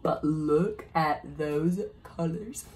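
Young woman doing a makeup vlog at home, low voice, slow and chatty, bit of faint room hiss. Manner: chatty, self-narrating, easily delighted. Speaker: beauty vlogger. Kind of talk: casual makeup unboxing chat.

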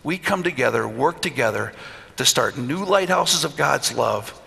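A man's voice: mid-range voice, a little slow, gravelly, husky. A middle-aged man preaching a storytelling sermon in a church, acting out the voices of the people in his stories. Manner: animated, acts out voices in stories. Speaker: pastor. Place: church hall. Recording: long hall reverb.

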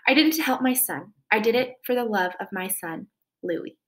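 Woman reading a proud male swan father from a storybook, and he speaks in a lofty, earnest and wordy way. The voice sits a touch high. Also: expressive, fairly quick, natural voice. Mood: remorseful. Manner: lofty, earnest, long-winded speech.

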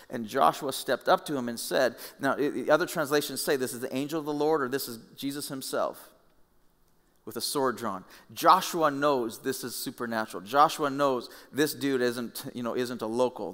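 A male pastor preaching a sermon in a conversational, animated storytelling way. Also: mid-range voice, big-room sound. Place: church hall.

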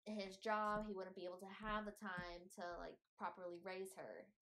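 A woman's voice: medium pitch, fairly even intonation, pushed and bright. A young woman co-hosting a podcast, talking casually in a rambling way, often restarting her sentences. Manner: rambling, restarts, fast bursts, mild cursing. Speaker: podcast co-host. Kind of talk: casual chat.

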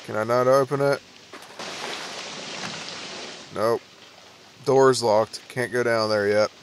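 A man's voice: mid-range voice, steady tone, unhurried, background noise. A young man playing a horror game and commenting on it, nervous and jumpy, laughing off the scares. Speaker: let's play gamer.

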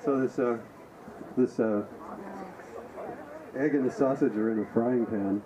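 A man tells a short joke at a party, hesitating as he starts. He speaks very slowly in a mid-pitched voice, with clear background noise around him. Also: lo-fi sound. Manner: hesitant, slow delivery. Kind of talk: casual joke telling.

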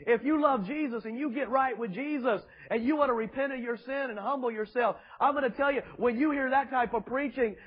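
High-voiced, husky fiery preacher. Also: male voice, lo-fi sound. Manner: emphatic, rhetorical questions, mocking asides. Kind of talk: fiery sermon. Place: church before a congregation.

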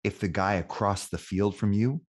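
A man acting out a loud, brash male record label boss who gives a bossy hard sell. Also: on the low side, moderate pace, natural voice. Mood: menacing.

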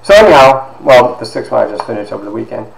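A man, a university instructor, telling stories from his life to his class, lively and sometimes dropping into hushed asides. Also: mid-range voice, fast talker, creaky, echoey room, low-quality recording. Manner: animated storyteller, drops to hushed asides. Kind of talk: storytelling lecture to a class.

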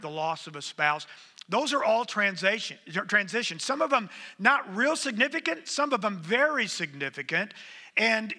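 Lively middle-aged pastor in a reverberant hall. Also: male voice, on the high side. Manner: conversational, engages the congregation with "come on". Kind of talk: sermon. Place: church sanctuary.

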